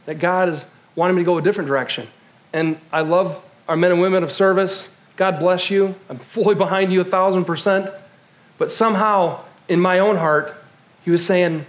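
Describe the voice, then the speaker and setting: A man's voice: high-pitched, a little fast. A male pastor giving a conversational, personal sermon, often stammering and restarting his sentences.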